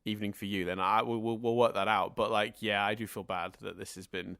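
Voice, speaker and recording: A man's voice: fairly low pitch, fairly even intonation, brisk, creaky, a bit bright, clean tone, dry recording. A man co-hosting a podcast, talking in long, rambling sentences in a casual discussion. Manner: chatty and rambling, talks in long winding sentences. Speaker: podcast co-host.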